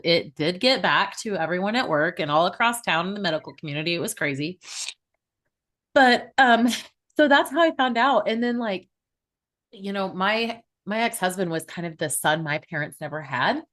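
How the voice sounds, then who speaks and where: Animated woman telling her story. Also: fairly low pitch, normal speed. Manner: animated, laughs often, acts out quoted voices. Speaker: podcast guest. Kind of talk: emotional personal storytelling.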